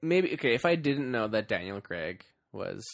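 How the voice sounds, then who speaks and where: A man co-hosts a casual movie podcast, laughing easily as he trades playful banter. His voice is gravelly and rises and falls a lot. The recording is dry. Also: lowish voice, very animated, normal speed, no room sound. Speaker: podcast co-host.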